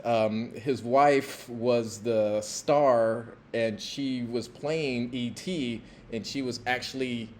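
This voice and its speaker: A man's voice: medium pitch, darkish tone. Rambling man telling a story. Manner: rambling, halting, many fillers and restarts. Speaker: podcast host, former pro football player. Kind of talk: casual storytelling.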